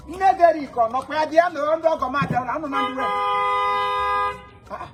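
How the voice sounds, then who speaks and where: Loud scolding Nigerian man, high-pitched. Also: quick pace, pauses often, over loud music. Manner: loud scolding, mixing English and Igbo, sing-song taunts. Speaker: angry father in a comedy skit. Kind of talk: comic skit acting.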